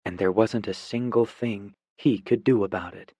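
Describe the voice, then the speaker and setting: A man reading a novel aloud as an audiobook narrator, slowly and deliberately. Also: lowish voice, darkish tone, breathy edge, no room sound. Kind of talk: scripted narration.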